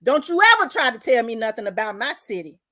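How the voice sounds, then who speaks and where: A woman's voice: on the high side, animated, quick pace, bright, forceful tone. A woman from South Memphis with a Memphis accent, hosting an opinion vlog in a blunt, profane, fired-up rant. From South Memphis, Tennessee. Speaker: host.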